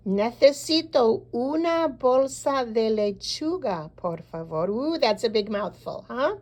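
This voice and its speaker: A woman teaching a recorded beginner language lesson, modeling short phrases slowly and pausing so learners can repeat. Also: a little high, expressive, a little mellow. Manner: slow, deliberate model phrases with pauses for repeating. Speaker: Spanish teacher.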